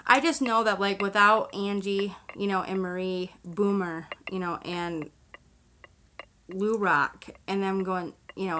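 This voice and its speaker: A young woman chats casually on her own livestream, filmed on a selfie-stick camera in a room at home with a fan running. Her medium-pitched voice is steady, sharp in tone, and a little slow, and she rambles with lots of fillers and frequent laughter.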